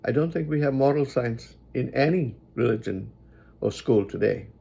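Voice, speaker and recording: A man giving moral advice in a reflective spoken monologue, deliberately repeating lines for emphasis. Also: mid-range voice, lively intonation, creaky, warm tone, slightly rough.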